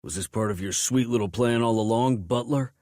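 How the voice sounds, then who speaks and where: A man voicing a volatile, violent biker who yells and growls. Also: medium pitch, brisk, no room sound, clean studio sound, voice pushed up, close to an everyday voice. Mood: enraged. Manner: growling, yelling, snarling.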